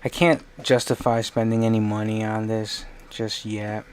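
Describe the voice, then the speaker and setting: A man's voice: lowish voice, level tone, normal speed, slight background noise. A man live-streaming while he works on a design, thinking aloud in a rambling, self-correcting way.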